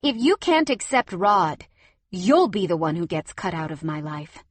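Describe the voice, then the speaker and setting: A woman's voice: fairly low pitch, very animated, unhurried, breathy edge, no room sound, heavily acted. A woman voicing a hurt but defiant young widowed mother in an audiobook, emotional and firm.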